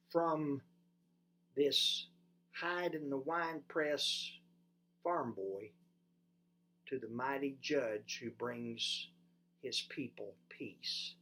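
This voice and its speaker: Pastor preaching with lively, shifting emphasis. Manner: lively, swings from loud emphasis to soft and low; addresses listeners with direct questions. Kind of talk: sermon.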